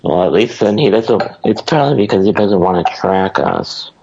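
A man co-hosting a casual podcast chat, talking in a halting, drawn-out way with many pauses. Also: lowish voice, lively intonation, a little mellow, husky, no room sound. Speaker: podcast co-host. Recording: dull lo-fi dry sound.

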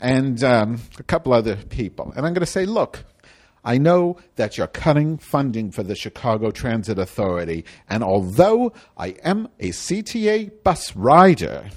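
A man's voice: medium pitch, very animated, moderate pace. A man performing a comedic monologue as a cranky, indignant woman from Chicago, rambling and theatrical.

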